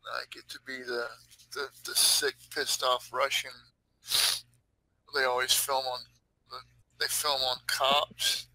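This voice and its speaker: A man's voice: medium pitch, level tone, slow, gravelly, pauses often, bright, forceful tone, low-quality recording. A man chatting casually as a player at a tabletop game, loose and joking. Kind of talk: casual chat at a gaming table.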